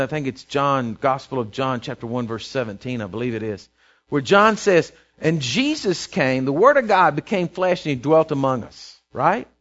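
A man preaching a sermon in a conversational way, checking in with his listeners and dropping to a soft, quiet voice for prayers. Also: sits high. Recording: dull lo-fi recording.

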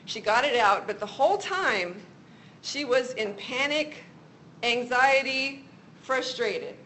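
A middle-aged woman with a slightly high voice gives an earnest faith teaching on a talk show. She tells personal testimony stories in a conversational way. A faint low hum sits under her voice. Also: lively intonation, slow pace, bright, forceful tone, low-quality recording. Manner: earnest, testimony-style storytelling.

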